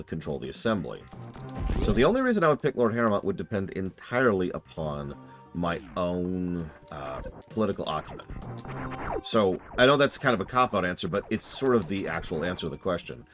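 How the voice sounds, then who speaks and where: A man's voice: deep voice, sing-song, fairly quick, music in the background. A man streaming live, casually answering chat questions in a rambling, self-deprecating way.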